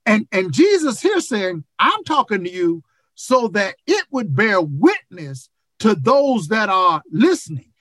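A seventy-year-old preacher gives a fervent sermon over a video call, speaking slowly and letting phrases repeat as the intensity climbs. The pitch swings widely from low murmurs to ringing high shouts. The sound is dry and close. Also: sing-song, no room sound. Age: 70s.

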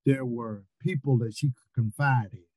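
An older man preaching a sermon over a video call, repeating words and rising into near-shouts. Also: mid-range voice, fairly even intonation, normal speed, dry recording, rough recording.

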